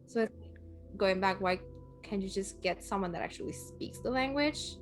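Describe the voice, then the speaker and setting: A woman from Puerto Rico, a guest in a casual chat, talking with animated energy and laughing often. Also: mid-range voice, normal speed, soft background music.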